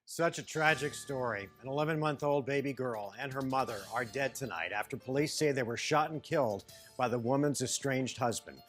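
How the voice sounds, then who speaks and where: A woman's voice: rumbling low, brisk, soft background music. A woman news anchor opening a story in a somber, formal tone.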